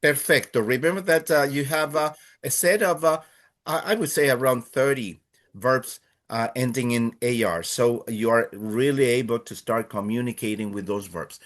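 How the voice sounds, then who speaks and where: A man's voice: mid-range voice, moderate pace, fairly bright tone. A man teaching a beginner class, patiently walking students through verb conjugations with many fillers and check-ins. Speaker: Spanish teacher. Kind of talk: online class instruction.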